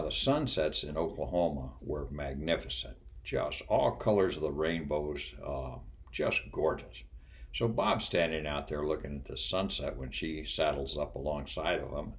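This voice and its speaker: An older man with an extremely deep, low voice recalls his flying days. His talk is folksy and unhurried, full of pauses and little chuckles. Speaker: retired pilot and flight instructor. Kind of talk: casual storytelling.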